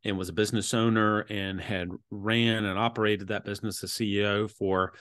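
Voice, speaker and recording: A man who is a business coach, talking as a guest on a podcast in a relaxed, conversational way. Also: fairly low pitch, normal speed, no echo, clean studio sound. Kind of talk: interview storytelling.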